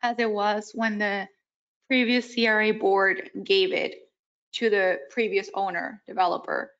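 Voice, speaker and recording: A woman board member who is losing her voice, speaking in a measured, conciliatory way at a public meeting. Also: mid-range voice, flat delivery, a bit bright, clear, resonant tone. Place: municipal board meeting room. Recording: muffled meeting audio.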